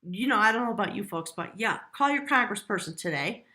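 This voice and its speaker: A woman's voice: mid-range voice, lively intonation, brisk, bright, forceful tone. Chatty woman reading tarot. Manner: chatty and earnest, rambling with restarts. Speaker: tarot reader. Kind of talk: casual tarot reading to camera.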